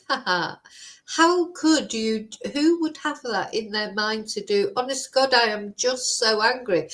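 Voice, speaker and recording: A woman's voice: medium pitch, low-quality recording. Woman, vlogger, angry rant, indignant, heated outbursts. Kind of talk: angry ranting commentary.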